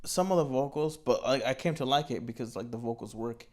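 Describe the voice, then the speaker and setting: On an album review show, a young male co-host chats casually in a mid-range voice, speaking a little fast. He rambles and leans constantly on "like" and "you know."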